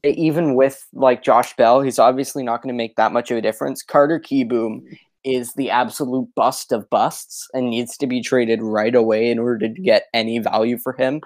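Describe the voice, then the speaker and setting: Fast-talking opinionated sports podcaster. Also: mid-range voice, fairly even intonation, dry recording, clean studio sound. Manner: fast, opinionated, heavy use of "like". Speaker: podcast co-host. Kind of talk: casual sports podcast chat.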